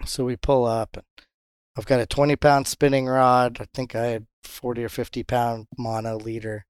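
A man who captains a charter fishing boat, telling fishing stories in a casual interview and jumping into high voices when he quotes others. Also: normal speed, smooth, no room sound, studio quality. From Pompano, Florida. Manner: animated storyteller, jumps high when quoting others.

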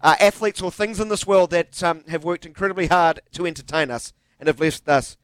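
A man's voice: a little high, a little fast, clean tone, no room sound. A man, hosting a radio show, bantering playfully and cutting in with teasing questions. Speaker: radio host. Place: radio studio.

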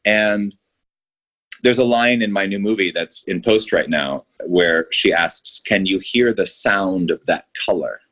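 A man's voice: deep voice, unhurried, a bit bright. A male filmmaker chatting enthusiastically in an interview, rambling with frequent restarts. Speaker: filmmaker guest. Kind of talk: casual podcast interview.

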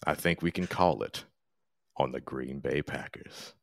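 A man putting on a late-night radio crooner persona, drawing out his words slow and low. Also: vocal fry, a little hiss or hum, heavily acted. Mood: sultry.

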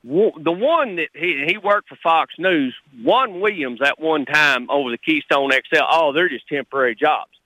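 A man's voice: a little high, lively intonation, moderate pace, few pauses, pushed and bright, no echo, poor audio. Fired-up middle-aged man. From Texas. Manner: fired-up, blunt, rambling. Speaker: caller. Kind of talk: call-in radio talk.

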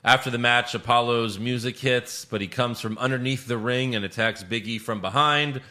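A man co-hosting a casual chat podcast, recapping events in a loose, profane, animated way. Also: medium pitch, normal speed. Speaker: podcast co-host recapping wrestling.

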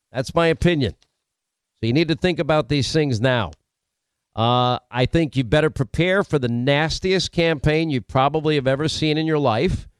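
A middle-aged man hosting a political talk radio show, delivering an emphatic, opinionated monologue and rattling off points in quick series. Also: fairly high pitch, smooth, no room sound.

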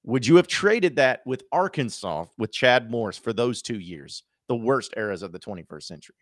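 On his sports podcast, a man delivers casual solo commentary full of strong opinions, emphatic and frequently restarting his sentences. His mid-range voice is expressive at a moderate pace, captured in a clean, dry studio recording.

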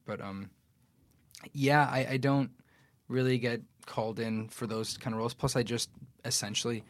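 A young man in his twenties, a podcast guest and actor, chatting casually and telling animated stories in which he quotes other people. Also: medium pitch, moderate pace, no room sound. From New York City. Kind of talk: casual chat.

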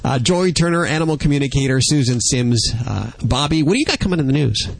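A man's voice: medium pitch, expressive, fast, creaky, no echo. A man hosting a radio show, bantering casually with co-hosts and laughing easily. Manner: joking, laughs easily, plays along with co-hosts.

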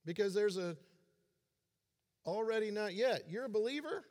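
A man's voice: high voice, expressive, moderate pace, a little mellow. A man in his forties giving a sermon as a pastor, conversational and self-deprecating in his humor. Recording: long hall reverb.

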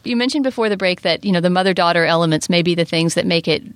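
A woman hosting a podcast, talking quickly and enthusiastically in casual chat and reading a sponsor spot. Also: lowish voice, clean tone, no room sound. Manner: fast, talkative, enthusiastic. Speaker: podcast host.

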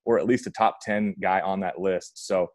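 Low-voiced man in casual sports talk. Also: fairly even intonation, moderate pace, dry recording. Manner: rambling, self-correcting, chatty. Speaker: podcast host.

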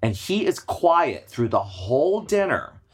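A drag performer and theater producer, a man, talks casually on a podcast. He tells stories in an animated way, breaking into laughter. His voice sits at an ordinary middle pitch. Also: a little slow, slightly rough. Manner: animated storyteller, bursts of laughter.

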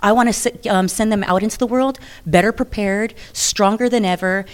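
Woman wrestler, interview guest: chatty, animated, frequent restarts and laughs. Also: medium pitch, a little fast, smooth. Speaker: professional wrestler. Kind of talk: interview conversation.

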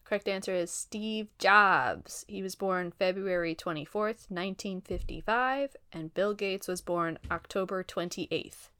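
A woman's voice: mid-range voice, measured pace, hardly any pauses, pushed and bright, clear, resonant tone, no echo. A woman hosting a trivia quiz, reading out answers plainly and laughing easily between them. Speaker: quiz host.

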